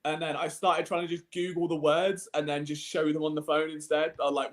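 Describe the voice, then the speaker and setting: A man's voice: fairly high pitch, little pitch movement, a little fast. A young man, co-hosting and telling self-mocking stories in casual chat. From England. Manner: self-deprecating storyteller, laughs often. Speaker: co-host.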